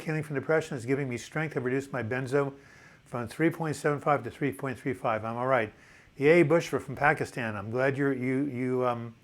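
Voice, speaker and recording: A seventy-year-old man with a medium-pitched voice hosts a relaxed live video chat. He reads viewer comments aloud and answers them with chatty enthusiasm, frequently restarting words.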